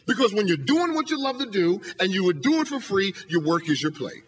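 Man giving a podium motivational talk, high and bright, emphatic, rhetorical. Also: sing-song, brisk, a little hiss or hum. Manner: emphatic, hammering rhetorical questions. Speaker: motivational speaker and professor. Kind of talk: motivational speech. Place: lecture hall podium.

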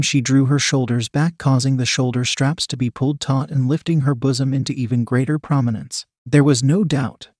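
A man reading an erotic story as narrator in a steady, even voice. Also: medium pitch, no echo, studio quality.

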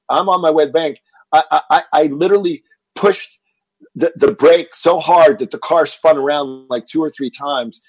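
A man's voice: on the high side, moderate pace, husky, dry recording. A man in his fifties from Texas, a fitness entrepreneur, telling stories in an interview and stumbling over repeated words. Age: 50s. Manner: animated storyteller, repeats words when excited. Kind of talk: interview storytelling.

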